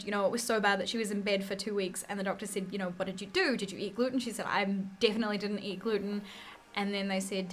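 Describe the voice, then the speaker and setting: A young woman, vlogging in a chatty storytelling way and acting out quoted lines. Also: mid-range voice. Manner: chatty storytelling, acts out quotes with bright swings. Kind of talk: casual chat to camera.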